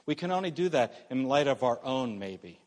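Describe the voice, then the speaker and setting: Man, pastor, sermon, earnest, medium pitch, loud-to-hushed swings, long church reverb. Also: very animated, normal speed. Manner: earnest, swings between loud emphasis and soft near-whisper.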